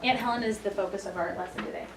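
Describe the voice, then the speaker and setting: A woman's voice: mid-range voice, very fast. A woman teaching a class, upbeat and encouraging, playfully hyping the lesson. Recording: echoey room, mic far off, noisy.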